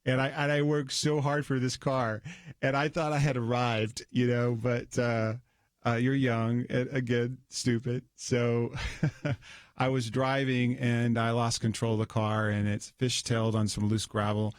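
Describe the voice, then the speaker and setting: A man's voice: mid-range voice, little pitch movement, a little slow, no echo. A man with a mid-range voice tells a long personal story, looping back with restarts and little laughs. The sound is dry and close. He talks as a guest at a studio microphone. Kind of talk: personal testimony in conversation. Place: radio studio.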